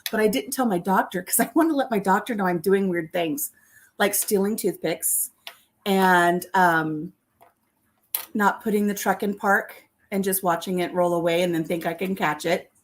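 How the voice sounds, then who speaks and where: A woman's voice: mid-range voice, normal speed. A middle-aged woman vlogging from her home kitchen, telling self-deprecating stories to her viewers and laughing often. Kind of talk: chatty storytelling to live viewers.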